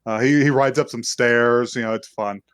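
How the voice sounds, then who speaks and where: A man of middling pitch recaps an anime episode for his podcast, with rambling and frequent laughter. He jumps into the characters' lines as he goes. His voice sounds close and dry, with no room echo. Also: fairly even intonation, moderate pace, a bit bright, clear, resonant tone. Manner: rambling, laughing, acts out quotes. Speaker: podcast co-host. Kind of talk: casual anime recap chat.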